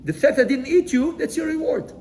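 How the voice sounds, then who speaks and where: A man's voice: very high-pitched, animated, fairly quick, noisy background, voice pushed up. A man voicing a boastful male lion king in a told fable, raising his voice. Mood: smug.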